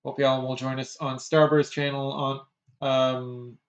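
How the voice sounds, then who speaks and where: A man's voice: medium pitch, flat delivery, measured pace, lo-fi sound. A man chatting on a game stream, dry and teasing, stumbling through a sign-off. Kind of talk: casual game stream chat. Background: music.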